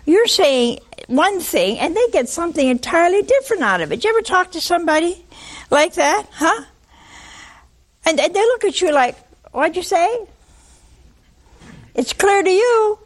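An older woman giving a sermon, telling the story in a lively way, acting out voices and asking her listeners questions. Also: very high-pitched, normal speed. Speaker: preacher.

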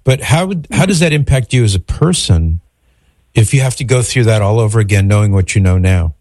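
Call-in radio host, male, lowish voice, dry close sound, earnest and a bit halting. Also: expressive, darkish tone, no echo. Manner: earnest, halting questions with restarts.

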